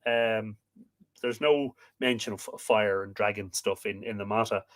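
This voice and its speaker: A man with an Irish accent hosting a livestream on myths, reading verse slowly and dramatically, then chatting in hesitant asides full of fillers. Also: lowish voice, steady tone. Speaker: host.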